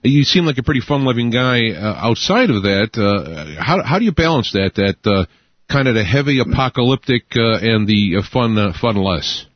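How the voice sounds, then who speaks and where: A man's voice: medium pitch, lively intonation, normal speed, dry recording, lo-fi sound. A man hosting a talk radio show, talking casually with many fillers and restarts.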